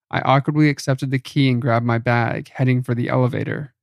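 A man giving a scripted horror story narration in an even, measured reading. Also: mid-range voice, no room sound, clean studio sound.

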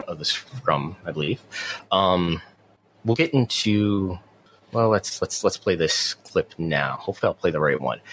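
A man with a very low, deep voice co-hosts a podcast in easygoing chat. He often repeats his first words as he gets a sentence going. A faint ambience sits behind him. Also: fairly bright tone, slight background noise. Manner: chatty, repeats words when starting sentences. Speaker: podcast co-host.

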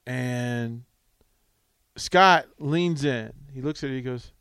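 A man hosting a radio talk show, telling a rambling, animated anecdote full of restarts, in a studio on a close mic. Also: mid-range voice, takes it slowly, clear, resonant tone, no echo. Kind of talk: casual radio storytelling.

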